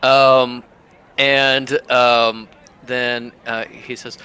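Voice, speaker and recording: Male game master, halting delivery, slow and bright. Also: mid-range voice, level tone. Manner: halting, full of fillers. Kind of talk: narrating a tabletop game.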